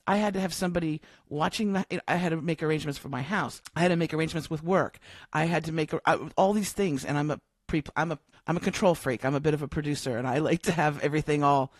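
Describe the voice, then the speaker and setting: A woman's voice: low-pitched, quick pace, dry recording. A middle-aged woman who is a coach and podcast guest, telling a story in casual interview talk and acting out the dialogue as she goes. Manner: lively storyteller who acts out quoted dialogue. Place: home, living in Australia.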